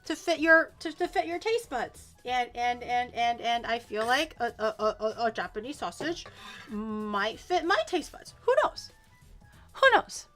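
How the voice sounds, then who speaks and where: A woman VTuber chatting casually while cooking on a livestream, animated and quick to laugh, swearing casually and poking fun at herself. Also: a little high, soft background music. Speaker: VTuber streamer.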